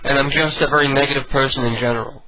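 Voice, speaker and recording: A man's voice: medium pitch, steady tone, quick pace, slight background noise. A man hosting an internet radio show, chatting casually in a rambling, self-deprecating way. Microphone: home phone and studio mic setup. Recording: dull lo-fi internet radio audio.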